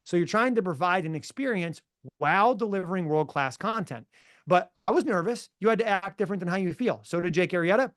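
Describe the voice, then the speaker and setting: A man's voice: high voice, animated, brisk, a bit bright, no echo, studio quality. A middle-aged man who works as a mental performance coach, telling stories in a casual interview with emphatic, motivational energy.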